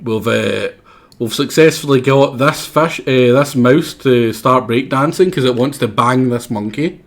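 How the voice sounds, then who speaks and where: A man's voice: medium pitch, measured pace. A man livestreaming a video game, talking in a rambling, self-mocking way, his voice sore from doing character voices. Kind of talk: casual gameplay commentary.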